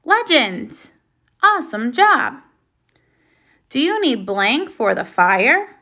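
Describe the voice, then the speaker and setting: A woman teacher giving a recorded reading lesson for young children, slow, clear and encouraging, with lively praise. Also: fairly high pitch.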